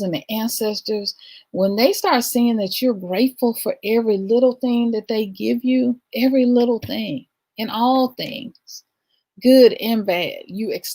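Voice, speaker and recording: A woman's voice: on the high side, warm tone. A middle-aged woman hosting a livestream, giving an emphatic spiritual talk and often asking "right?". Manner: emphatic, rhythmic, repeats "right?". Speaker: livestream host. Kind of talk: spiritual talk to a live audience.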